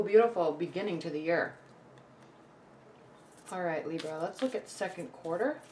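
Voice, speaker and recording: A woman with a fairly low voice gives a relaxed tarot reading straight to her viewers. Her speech is loose and chatty, full of restarts and reassuring "okay?" check-ins. A faint hum sits behind her voice. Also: normal speed, long pauses. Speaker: tarot reader. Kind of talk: casual tarot forecast to camera.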